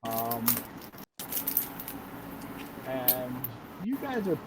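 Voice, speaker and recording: A man's voice: mid-range voice, sing-song, extremely slow, very noisy. A man narrating a tabletop game as game master, rambling and hesitant with many fillers.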